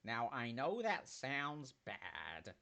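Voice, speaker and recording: A man's voice: medium pitch, wildly swooping pitch, extremely slow, gravelly, very noisy. Sarcastic man commenting on a game. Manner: jokey, sarcastic, swears freely. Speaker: let's play host. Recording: loud game music behind.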